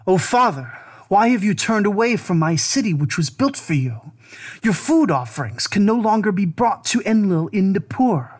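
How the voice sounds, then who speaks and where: A man's voice: high-pitched, husky, pitched above the performer's own voice, exaggerated voice. Brief: a man doing a desperate moon god in an ancient lament, raised and imploring. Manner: urgent, imploring. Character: grieving male moon god pleading with his father.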